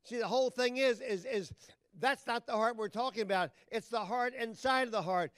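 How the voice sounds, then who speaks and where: A man preaching a sermon as pastor, talking folksy and plain with loud emphatic bursts. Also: very high voice, normal speed, clean tone, no echo.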